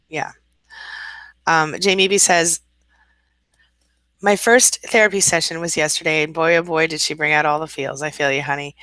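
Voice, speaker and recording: A woman's voice: deep voice, sharp tone, dry recording, low-quality recording. A woman hosting a live coaching stream, reading viewer comments aloud and encouraging them in a chatty, affirming way. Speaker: narcissistic abuse recovery coach, host. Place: at home, cat nearby.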